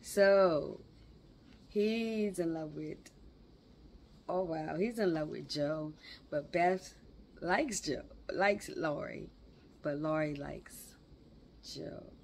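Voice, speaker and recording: A woman reading a classic novel aloud, unhurried, with chatty exclaiming asides between chapters. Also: low-pitched, slight background noise. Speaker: book reader.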